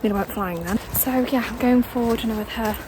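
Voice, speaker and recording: A woman in her late twenties chatting as a vlogger on a cold outdoor walk, bubbly, and a little out of breath from the climb. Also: brisk. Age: late 20s. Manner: chatty and bubbly, high sing-song baby talk to her dog. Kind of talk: casual vlog chat. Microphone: phone held while walking. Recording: outdoor phone audio with clear background noise.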